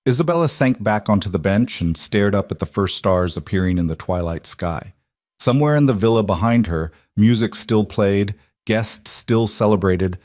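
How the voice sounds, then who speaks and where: A man narrating a scripted romance story in an even, measured way. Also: fairly low pitch, no echo, clean studio sound.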